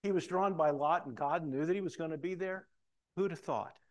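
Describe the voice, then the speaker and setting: A middle-aged man preaching a sermon, reading scripture aloud and breaking off into animated asides, loud for quoted lines and hushed for comments. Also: on the high side, fairly quick. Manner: animated, swings between loud emphatic reading and quiet asides. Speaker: pastor.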